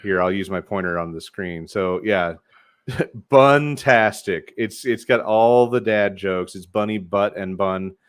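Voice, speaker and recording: A man's voice: low-pitched, steady tone, measured pace, clear, resonant tone, no echo, clean studio sound. A man co-hosting a podcast, chatting casually and playfully about beers, swearing freely. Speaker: podcast co-host. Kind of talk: casual chat, beer review.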